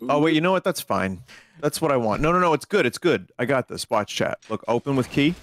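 A man streaming a game, excitedly talking to his chat and teammates. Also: mid-range voice, a little fast. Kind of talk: casual gaming chat to viewers.

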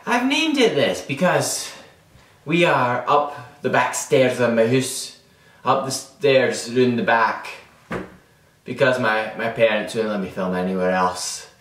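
A man's voice: mid-range voice, a bit bright, slight background noise. A man with a Scottish accent playing a boastful, dim young vlogger who rambles and stumbles over his words in a comedy monologue. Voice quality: rambling, self-important, stumbling. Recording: echoey room, distant mic.

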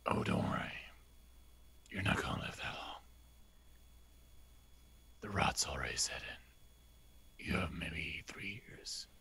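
A man's voice: animated, unhurried, vocal fry, long pauses, pushed and bright, slightly rough. A man playing a character in a tabletop game, whispering cruel threats. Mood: menacing whisper. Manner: menacing low whispers in character. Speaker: player. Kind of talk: in-character role-play.

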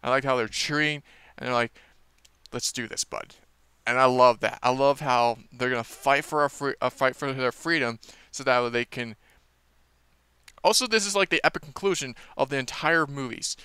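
A man talks through a movie trailer in a loose, rambling way, leaning on fillers and restarting his sentences. His voice is bright and very clear, recorded dry and close. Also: mid-range voice, moderate pace, no room sound. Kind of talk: casual rambling review.

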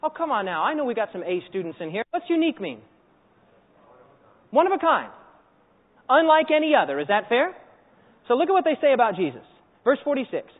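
Male preacher, high bright voice, animated storyteller, phone-quality audio with long hall reverb. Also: fairly quick, long pauses. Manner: animated storytelling, acts out scenes and quizzes the audience. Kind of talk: sermon. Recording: echoey hall over a tinny phone-like line.

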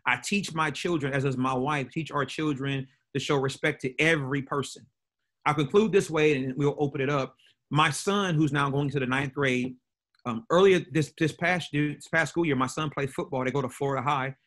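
A man's voice: fairly high pitch, moderate pace, a bit bright. A middle-aged man, a pastor, telling a personal story to a church audience in an earnest way that often repeats and restarts words.

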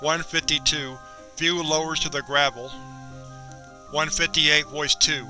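A man reading a horror log as a narrator, measured and clinical. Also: a little high, fairly even intonation, pushed and bright, soft background music. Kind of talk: scripted narration of a horror document.

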